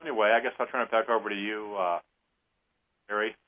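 Rambling low-voiced man on a phone line. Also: steady tone. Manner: rambling, halting. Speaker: co-host. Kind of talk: casual radio talk. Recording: tinny phone-line sound.

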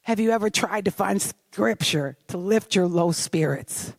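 An earnest woman delivers a devotional message built on her own testimony. She talks slowly and confessionally, pausing to put questions to the listener. The recording is dry and close. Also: mid-range voice, vocal fry, no echo. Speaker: devotional speaker.

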